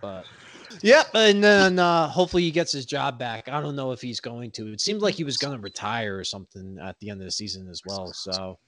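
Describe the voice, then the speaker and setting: A man co-hosting a casual sports podcast, laid-back and joking, often trailing off quietly. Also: medium pitch, lively intonation, fast talker, few pauses. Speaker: podcast co-host.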